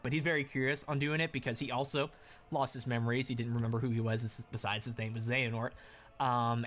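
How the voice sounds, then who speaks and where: Male gaming YouTuber, mid-pitched, halting delivery full of ums and restarts, reads game text aloud and then chats about it. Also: a bit bright. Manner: halting, frequent ums and self-corrections. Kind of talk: reading game text aloud with casual commentary.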